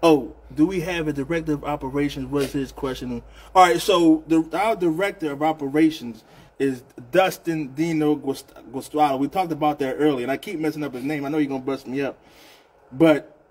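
Husky-voiced chatty man with Southern accent. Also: fairly high pitch, steady tone, fairly quick, a little mellow. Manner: loose, repetitive, chatty, says "man" often. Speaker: union leader hosting an online show. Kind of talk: casual live-stream talk.

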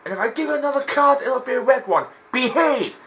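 A man doing a shouting, scolding referee. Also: extremely high pitch, expressive, a little fast, pitched above the performer's own voice. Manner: barking, scolding, emphatic. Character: stern shouting male referee laying down the rules. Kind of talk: comic impression while gaming.

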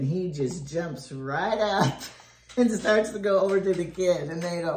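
A woman's voice: low-pitched, normal speed, a little mellow. An older woman chatting casually and telling rambling family stories while she bakes, chuckling often. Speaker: home cook vlogger. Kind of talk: casual chat while baking. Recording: echoey room, faint noise.

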